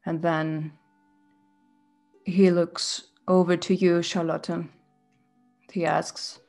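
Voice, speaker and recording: A woman game master narrating a tabletop game in a slow, descriptive, atmospheric way. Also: lowish voice, flat delivery, darkish tone, soft background music.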